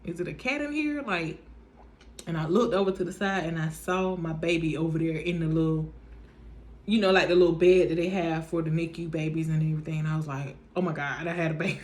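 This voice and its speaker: A woman's voice: low-pitched, brisk. A young woman, casually telling her viewers a personal story, acting out what everyone said. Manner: chatty, animated, speaks in reported dialogue, says "y'all" often.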